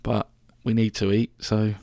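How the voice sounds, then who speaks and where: Gravelly-voiced man telling travel stories. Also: on the low side, completely flat delivery, a little slow, mellow, no room sound, clean studio sound. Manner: chatty, rambling, sweary, full of restarts. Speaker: podcast host. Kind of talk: casual storytelling monologue.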